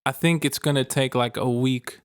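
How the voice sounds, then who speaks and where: A laid-back man talking casually as a podcast co-host, slangy and quick to laugh. His voice sits in an ordinary middle pitch and sounds close and dry, with no room around it. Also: fairly even intonation, clear, resonant tone, no echo. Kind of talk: casual chat.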